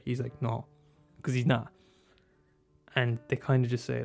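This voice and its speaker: Animated swearing man, film chat. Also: normal speed, gravelly, soft background music. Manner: animated, swears freely, bursts into high exclaims.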